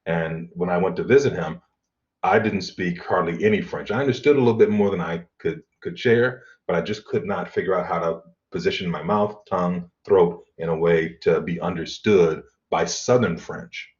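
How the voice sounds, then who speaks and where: A middle-aged man teaching an online college class, explaining in a relaxed way with fillers and throat clearing. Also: deep voice. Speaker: college instructor. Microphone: computer mic on video call. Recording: dull lo-fi video call audio.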